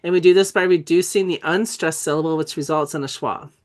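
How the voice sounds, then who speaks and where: A woman's voice: low voice, brisk, darkish tone. A woman who has a cold, giving an enthusiastic, conversational online teaching presentation and spelling out letters as she explains. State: has a cold, coughing and clearing throat. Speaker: dyslexia trainer presenting a webinar.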